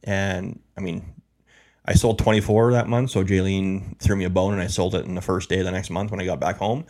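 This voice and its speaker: A man's voice: deep voice, steady tone, a little fast, darkish tone. A man telling his life story as an interview guest, rambling with lots of fillers and repeats.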